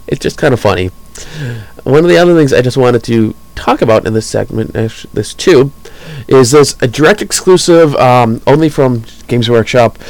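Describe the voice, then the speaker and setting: Man, podcast host, casual, gravelly, enthusiastic, dry close sound. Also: medium pitch, no room sound, rough recording. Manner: rambling, chuckling, enthusiastic.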